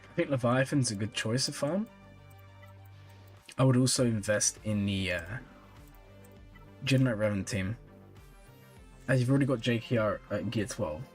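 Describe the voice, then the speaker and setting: Man, live-stream chat, casual, tired, mid-pitched voice, soft music in the background. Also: measured pace, pauses often. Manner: relaxed, chatty, reads and answers chat comments with small laughs. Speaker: streamer reviewing viewers' game accounts.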